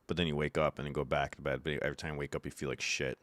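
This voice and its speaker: A young man with a very low, smooth, resonant voice, talking casually to his live chat from home. He reads out messages, answers in a loose and profane way, and laughs at his own stories. The sound is close and dry, with no room echo. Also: little pitch movement, very fast, a bit bright. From Syracuse, New York.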